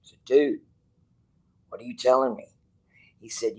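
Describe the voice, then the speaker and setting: A man's voice: mid-range voice, unhurried, a little mellow, slightly rough, low-quality recording. A man hosting his channel, telling a personal story to viewers in a rambling, casual way, quoting others and swearing freely. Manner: rambling, restarts, quotes others in dialogue, swears. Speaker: channel host.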